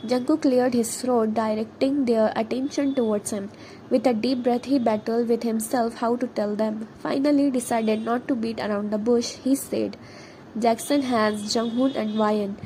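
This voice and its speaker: A woman reading her fan fiction story aloud as a narrator, steady with occasional slips. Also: on the high side, normal speed, a little hiss or hum, poor audio. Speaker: fan fiction author and reader.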